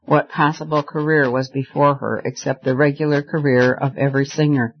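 A man's voice: a little high, steady tone, a little fast, a little hiss or hum. Man reading a novel aloud. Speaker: audiobook narrator. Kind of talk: scripted narration. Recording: slightly dull lo-fi recording.

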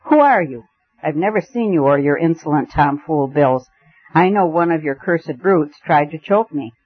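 A man's voice: high voice, big pitch swings, normal speed, slightly rough, pitched above the performer's own voice, heavily acted. A man reading voices a bewildered, hot-tempered army major in a story, near hysterical. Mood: furious. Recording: tinny phone-like band.

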